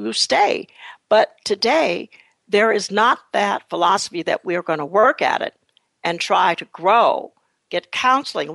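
A middle-aged woman hosting a radio talk show, musing and rambling before rising into animated questions. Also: medium pitch, gravelly, dry recording. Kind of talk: casual radio chat.

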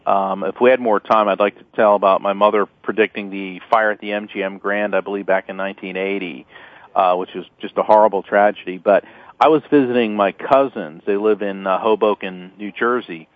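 A middle-aged man calls in to a radio interview and recounts his experiences earnestly, stumbling over fillers and restarts. His voice sits fairly low. The sound is thin and dry, squeezed through a narrow phone-line band. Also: brisk, dry recording. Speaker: guest, attorney and author.

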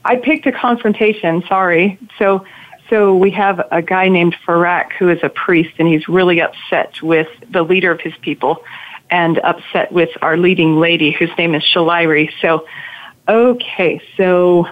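A woman's voice: lowish voice, fairly even intonation, normal speed. Woman author on a tinny phone line. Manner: chatty, apologetic asides. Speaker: author guest. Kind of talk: reading her novel aloud. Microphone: phone call.

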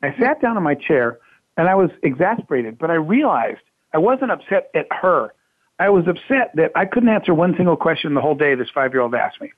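A man, a company CEO, telling a lively anecdote in an interview, acting out voices and laughing often. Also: on the high side, fairly quick. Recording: tinny phone-like line.

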